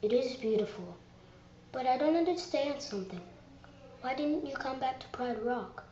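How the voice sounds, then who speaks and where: A woman's voice: sits high, animated, moderate pace, warm tone, roomy sound, highs cut off, a little hiss or hum. A woman voicing an earnest young lioness in a pleading manner, as a fan voice audition.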